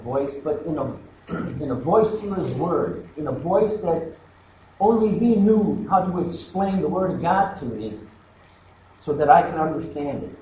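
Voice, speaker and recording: A man's voice: fairly high pitch, a little hiss or hum. Echoey preaching man. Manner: emphatic, repetitive, shifting from hushed to loud. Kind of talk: sermon. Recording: echoey, dull hall recording.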